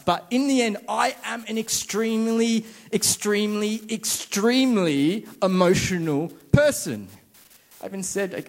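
A young man, preaching a casual, chatty, self-deprecating sermon and acting out inner voices. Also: high-pitched.

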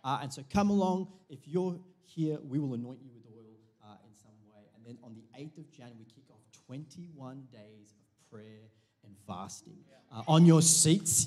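A man leads a church sermon with a slightly high-pitched voice. He talks to the congregation casually, cracking jokes and often breaking off and restarting his sentences. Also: lively intonation, fairly quick, a little mellow. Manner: chatty, jokey, self-interrupting preaching. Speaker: pastor.

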